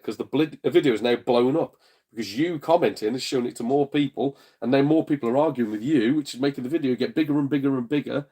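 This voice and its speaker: Guy live streaming from his front room, chatty and jokey, swears a bit, mid pitch. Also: fast talker, a little mellow. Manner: chatty, blunt, jokey, swears, puts on voices in retold exchanges. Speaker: streamer and gaming channel host. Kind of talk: casual live-stream chat reading viewer comments.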